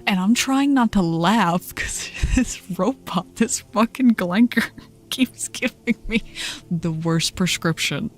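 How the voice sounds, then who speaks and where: A young adult woman streamer telling a story in casual chat, animated and profane, often laughing. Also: medium pitch, takes it slowly, soft background music.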